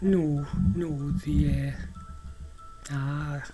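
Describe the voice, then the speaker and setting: A man voicing a gentle, wistful old island farmer who speaks softly with a lilt, quiet and halting. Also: a little high, flat delivery, over loud music. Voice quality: soft, lilting speech. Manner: quiet and halting, full of pauses.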